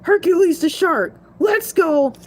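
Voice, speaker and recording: Woman doing a cocky shark show host, high voice, chatty, bragging, rambling. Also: animated, unhurried. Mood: boastful. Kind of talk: comedic solo character show.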